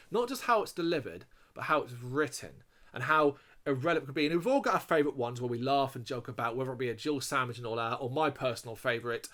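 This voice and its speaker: A man's voice: mid-range voice, sharp tone. A man co-hosting a casual chat, blunt and opinionated, with plenty of swearing. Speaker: podcast co-host.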